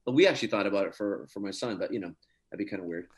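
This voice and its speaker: A male actor chatting through a casual interview in a lowish voice. He tells long, rambling stories full of fillers and breaks into laughter often. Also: very fast. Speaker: actor guest.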